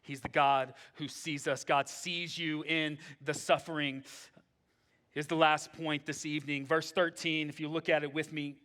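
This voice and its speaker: A male pastor giving a sermon in a relaxed, conversational way, full of "like", that moves between eager and hushed. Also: a little high, measured pace.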